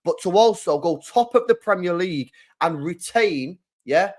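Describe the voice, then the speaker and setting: A man's voice: high voice, expressive, normal speed. A young man hosting a live football watchalong, making his points emphatically and repeating them. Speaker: host.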